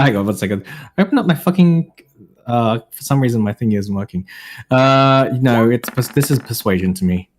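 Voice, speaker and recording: A man playing a tabletop game, describing his character's actions with emphatic, animated delivery and casual swearing. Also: medium pitch, a little fast. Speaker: player. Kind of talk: tabletop role-play, in and out of character.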